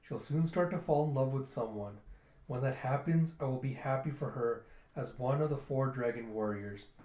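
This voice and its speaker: A man voicing a gentle, devoted young male dragon warrior, speaking formally and earnestly. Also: mid-range voice, moderate pace, echoey room, close to an everyday voice.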